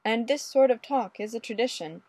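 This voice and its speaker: A woman voicing a courtly, mild old male Mountie with a polite, unhurried, old-fashioned manner. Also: on the high side, lively intonation, warm tone, no room sound, voice pushed up. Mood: genial.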